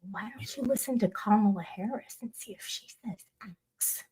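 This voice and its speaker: A woman's voice: fairly high pitch, fairly quick, darkish tone, husky. A woman hosting a casual livestream, rambling and swearing as she talks back to her viewers' chat. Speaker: livestream host.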